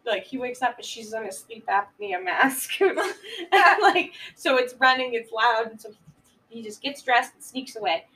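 A woman casually retelling a film plot on a podcast, laughing often and jumping into loud voices for the characters. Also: on the high side, normal speed, far from the mic, low-quality recording. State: giggly, a bit high. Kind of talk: casual chat.

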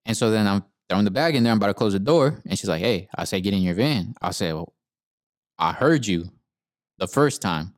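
Young man, low voice, casual profane rant, dry close sound. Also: lively intonation, fairly quick, no room sound. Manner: profane, laid-back, says "bro" often. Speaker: podcast co-host.

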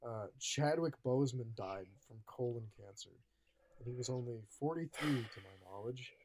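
A man's voice: mid-range voice, normal speed. A young man co-hosting a casual podcast chat, rambling and swearing freely as he talks through a list. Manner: rambling, profane and animated. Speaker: podcast co-host.

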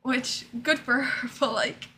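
A woman's voice: high-pitched, a little slow, pushed and bright, slight background noise. A young woman chatting casually as a podcast co-host, animatedly retelling scenes and acting them out. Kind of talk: casual chat.

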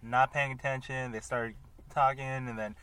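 A young man with an everyday mid-pitched voice talks in a laid-back way. He drops dry asides into a relaxed podcast conversation among friends. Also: moderate pace, smooth, poor audio. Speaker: podcast co-host. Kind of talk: casual chat.

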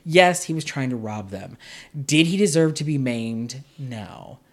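A man's voice: mid-range voice, animated, a little slow. A man hosting a podcast, casually reviewing a film in a sarcastic, exasperated way. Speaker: podcast host.

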